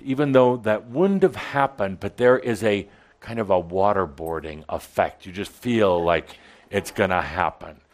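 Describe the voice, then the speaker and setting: A man with a mid-range voice gives a channeled spiritual talk to people gathered in person. He's playful and teasing, pausing for effect and moving between booming and hushed tones.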